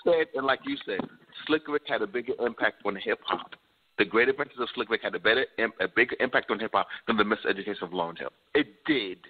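A man in casual hip-hop debate chat, animated and insistent, pressing his partner with questions. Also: fairly low pitch, fast, husky. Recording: tinny phone-like sound.

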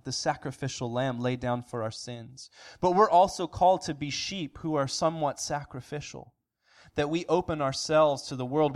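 A man preaching an earnest sermon as pastor, asking rhetorical questions and restarting phrases now and then. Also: fairly high pitch. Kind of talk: sermon recap.

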